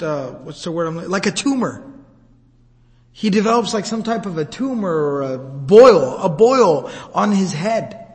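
High-voiced male teacher in an echoing hall. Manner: casual, vivid, conversational retelling. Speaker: religious teacher. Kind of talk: storytelling lecture. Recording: long hall reverb.

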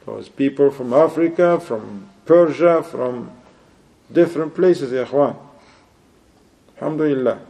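A man's voice: medium pitch, measured pace, gravelly, long pauses, dark tone. A man giving a religious lecture as a preacher, exhorting his listeners with rhetorical questions and Arabic religious phrases. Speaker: Islamic preacher.

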